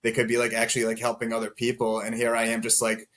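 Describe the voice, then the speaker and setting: A man's voice: medium pitch, completely flat delivery, quick pace. Rambling young man telling his story. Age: 20s. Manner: rambling, many filler "like"s, laughs through dark moments. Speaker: podcast guest. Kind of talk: casual storytelling.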